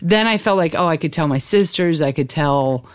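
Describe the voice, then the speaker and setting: A woman talking as a guest, telling a personal story in a chatty, animated way, with lots of "like" and "you know". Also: deep voice, normal speed. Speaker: podcast guest.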